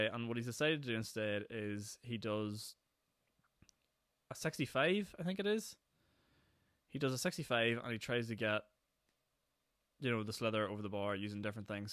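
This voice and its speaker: A young Northern Irish man hosting his own podcast, talking fast and rambling from one thing to the next with frequent laughs. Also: lowish voice, fairly bright tone, no echo, clean studio sound. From Northern Ireland. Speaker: podcast host. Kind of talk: casual solo podcast chat. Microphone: podcast microphone.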